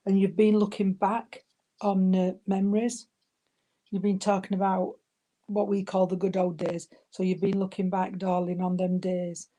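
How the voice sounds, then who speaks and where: Mellow-voiced woman giving spirit readings. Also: medium pitch. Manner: warm, calls people darling and sweetheart. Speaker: spiritualist medium. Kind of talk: giving spirit messages at an online service.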